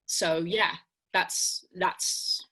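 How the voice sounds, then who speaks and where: Young actress, bright and lower-pitched, earnest and animated in an interview. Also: female voice, very slow. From Australia. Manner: earnest, animated, with frequent restarts. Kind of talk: casual press interview.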